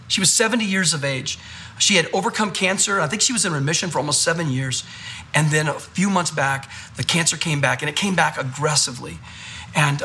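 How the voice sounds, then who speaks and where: A male pastor preaching a sermon, telling stories in an animated way and repeating phrases for emphasis. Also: on the high side.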